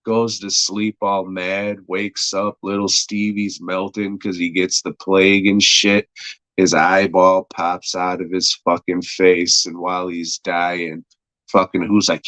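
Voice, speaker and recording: Slow, deep-voiced man recapping crudely. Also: level tone, a bit bright, no room sound, rough recording. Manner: rambling, crude, heavy swearing, lots of uh. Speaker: podcast host reviewing an episode. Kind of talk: casual plot recap.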